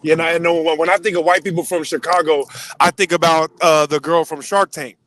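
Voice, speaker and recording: A man's voice: on the high side, fairly even intonation, fairly quick, a bit bright. A man from Los Angeles hosting a casual chat, rambling and profane, with lots of fillers. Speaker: podcast host.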